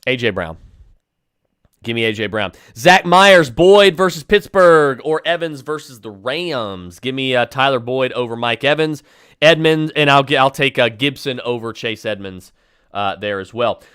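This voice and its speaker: Guy hosting a podcast, rattling off emphatic picks, smooth clear voice, dry close mic. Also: medium pitch, expressive, moderate pace, fairly bright tone, no echo. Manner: emphatic, decisive picks with many fillers and restarts. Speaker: podcast host answering listener questions. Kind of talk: rapid-fire fantasy football advice.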